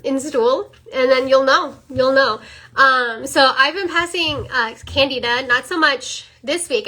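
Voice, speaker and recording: A woman's voice: sits high, bright, forceful tone. A young woman earnestly giving a casual testimonial as a mother, with many fillers and repeats. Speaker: mother sharing a product testimony.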